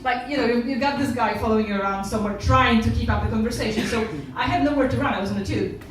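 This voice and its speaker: A woman's voice: a little high, quick pace, hardly any pauses, a little hiss or hum. A woman from Poland with a Polish accent, doing a stand-up comedy set and acting out other people's lines as she tells stories. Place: comedy club stage. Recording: echoey room from far off.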